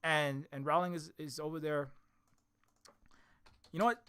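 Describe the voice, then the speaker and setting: A man rants through an opinion commentary in a bright, fairly high voice. He speaks in animated bursts, stumbles over repeated words and restarts, and his tone is scornful and mocking. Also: measured pace, smooth. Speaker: commentary video host.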